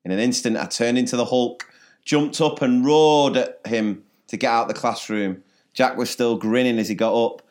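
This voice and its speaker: A man, a teacher co-hosting a podcast, telling classroom stories in a dry, joking way. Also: mid-range voice. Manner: dry storytelling, laughs at own jokes. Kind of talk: casual storytelling chat.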